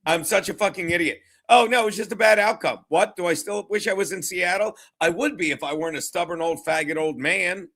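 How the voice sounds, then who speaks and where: A man's voice: high voice, a little fast, few pauses, fairly bright tone. A man doing an impression of a stubborn older male football coach who mocks himself in a dazed, profane way. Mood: self-pitying. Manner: dazed, profane self-mockery.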